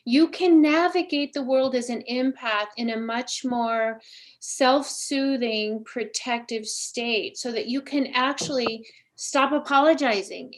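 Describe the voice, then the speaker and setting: A woman's voice: high voice, slow. A woman hosting a spiritual talk show, effusive and coaching in tone. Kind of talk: casual chat.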